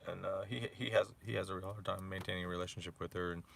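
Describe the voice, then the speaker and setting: A man's voice: low voice, steady tone, fast, creaky, a bit bright. A man in his forties ranting about his ex-wife with profane, mocking, heated talk full of filler words. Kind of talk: rambling personal rant.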